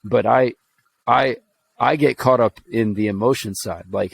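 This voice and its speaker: A man co-hosting a podcast speaks earnestly in a mid-pitched, ordinary voice. His tone is reflective and conversational, working through his thoughts as he talks. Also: measured pace, vocal fry, husky, rough recording. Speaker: podcast co-host. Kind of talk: casual chat.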